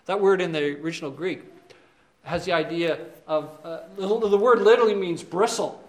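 A male preacher teaching verse by verse, chatty and checking in with "okay?". His voice sits high. The sound echoes around a roomy space. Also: moderate pace. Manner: conversational, asks "okay?" often, many fillers. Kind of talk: expository sermon, verse by verse.

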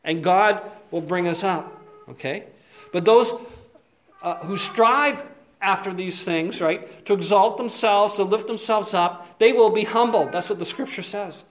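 High-voiced male preacher, earnest and emphatic. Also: unhurried. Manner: earnest, emphatic, asks the listeners to check in often; swings between soft asides and loud stressed points. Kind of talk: expository sermon.

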